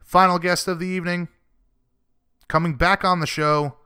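A male radio host keeps the talk easygoing and friendly, calling his guests buddy and brother. His voice is bright and smooth, with a dry, close sound. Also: high voice, steady tone, normal speed, dry recording. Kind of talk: casual radio interview and show links.

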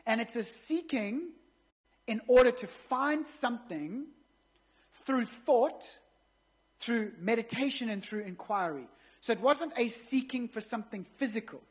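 A woman's voice: on the high side, a little slow, husky. A woman pastor preaching a sermon in a conversational way, with joking asides to the congregation.

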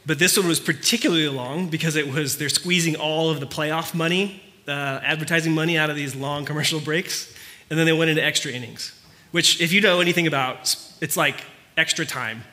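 A man preaching, telling a story in a conversational way that turns quiet and earnest. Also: on the high side, fairly quick. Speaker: pastor. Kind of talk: sermon.

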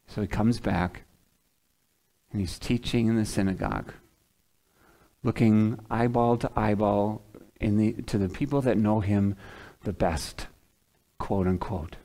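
Man preaching a lively conversational sermon. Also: lowish voice, unhurried, long pauses. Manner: conversational, dramatizes voices of townspeople. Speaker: pastor.

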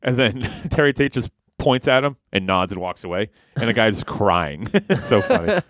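A man's voice: lowish voice, moderate pace, slight background noise. A man co-hosting a podcast in casual chat, swearing and laughing often. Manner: animated, swearing, laughing, doing loud impressions. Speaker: podcast co-host.

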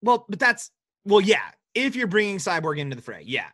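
High-pitched with big pitch swings, a young American Midwesterner talks a little fast in a somewhat bright voice. As a podcast co-host, he jokes and teases in casual, swear-filled banter, recorded in a clean studio with no echo.

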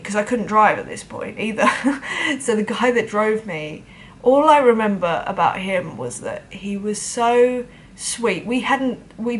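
A woman's voice: medium pitch, fairly bright tone. A woman drummer telling a personal story to camera in a chatty, self-deprecating way, acting out the voices of other people.

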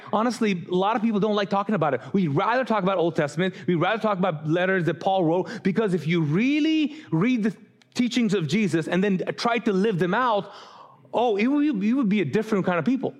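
A man's voice: high-pitched, expressive, a little fast. A man preaching a sermon as pastor to a live congregation, casual and joking, drawing the audience in to answer him. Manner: casual, joking, talks back and forth with the congregation. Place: church auditorium before a congregation.

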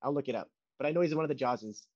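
A man's voice: mid-range voice, rapid-fire, darkish tone, muffled recording. A man co-hosting a casual podcast chat, making dry jokes. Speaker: podcast co-host.

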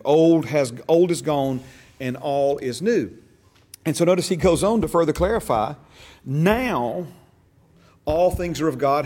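A man's voice: on the high side, a little mellow. A man teaching a church discipleship class, stressing key words and asking the class questions. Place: church classroom, also streamed online.

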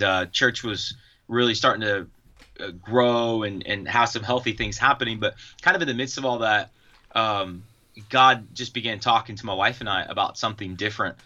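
A man, a pastor and church planter, earnestly telling his story as an interview guest over a video call. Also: fairly low pitch. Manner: earnest, relaxed, many fillers. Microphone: video call over Skype. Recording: dull lo-fi Skype audio.

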